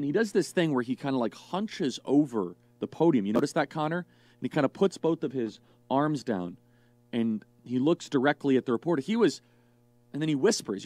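A man giving political commentary in a sarcastic, mocking, animated way. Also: medium pitch, no echo. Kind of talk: commentary clip.

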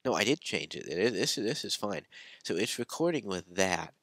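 A man's voice: low voice, sing-song, normal speed, fairly bright tone, no room sound. A man co-hosting a let's play, joking and fumbling with settings in casual chat.

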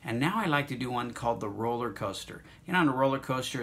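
A man teaching an online music lesson, encouraging students and walking them through note names and vocal warm-ups. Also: mid-range voice, quick pace, few pauses.

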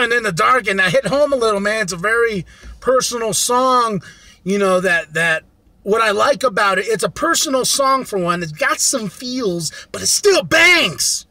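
Excitable, high-voiced man ranting about music. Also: normal speed, dry recording. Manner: excitable, profane, swings into loud rants. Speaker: music review vlogger. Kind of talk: casual profane album review.

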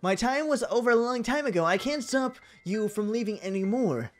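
A man's voice: extremely high pitch, expressive, brisk, pitched above the performer's own voice. A man reading out game dialogue as a clingy, lonely, lovesick character, pleading and melodramatic. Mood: sad farewell.

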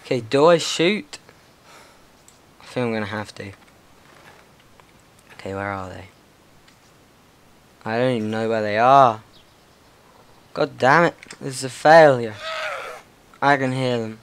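A man's voice: medium pitch, unhurried, pauses often, clean tone. A young man hosting a gaming channel, giving casual, nervous, rambling commentary and talking to the zombies in his game.

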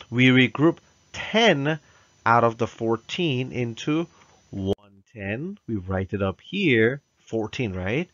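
A man teaching a math lesson to young children, speaking slowly and patiently, checking in often and having them repeat words. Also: mid-range voice, a bit bright, dry recording. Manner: slow, patient, coaxing with frequent "right?" checks. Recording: dull, dry lo-fi recording.

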